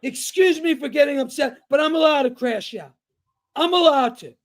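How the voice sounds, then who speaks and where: Guy yelling on a sports podcast, high strained voice, cursing nonstop. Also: normal speed. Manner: angry, shouting, swearing a lot. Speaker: podcast co-host. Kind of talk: heated sports rant.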